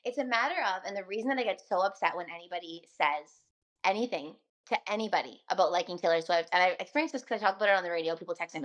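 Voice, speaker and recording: A woman's voice: mid-range voice, very fast, fairly bright tone, lo-fi sound. A young woman, a radio host, talking casually and earnestly on a podcast. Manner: chatty, earnest, laughs often.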